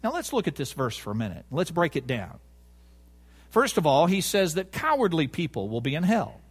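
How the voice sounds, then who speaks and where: A man preaching with a voice that climbs and falls widely, set a little higher than most men. He drives his points home with emphasis and repetition, and he puts rhetorical questions to the congregation. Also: sing-song, moderate pace, husky. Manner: emphatic, rhetorical questions, stresses key words. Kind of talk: sermon.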